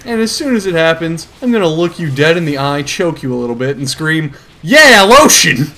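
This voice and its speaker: A man's voice: fairly high pitch, fairly quick, a little hiss or hum. A young man hosting a comedic video, reading a comic aloud with sarcastic commentary and frequent laughter. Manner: sarcastic, laughs often, lively. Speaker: host.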